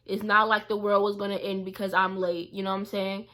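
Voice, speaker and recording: A woman's voice: medium pitch, a little fast. A young woman vlogger telling an indignant storytime about a past job, quoting the people involved. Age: young adult. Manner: animated and indignant, quoting others. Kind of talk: storytime vlog.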